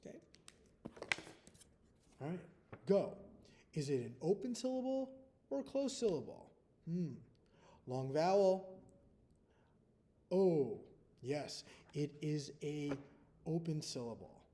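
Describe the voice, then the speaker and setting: Man, first-grade teacher, slow and patient, slightly high mellow voice, checks in with okay often. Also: sing-song. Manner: patient, slow, repeats "okay?" after each step. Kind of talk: giving a recorded spelling test to young children.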